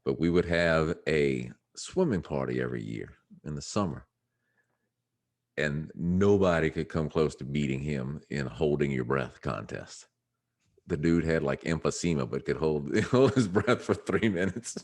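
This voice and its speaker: A man's voice: extremely low pitch, a little slow, pauses often. A man co-hosting a casual chat, making laid-back dry remarks. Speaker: podcast co-host.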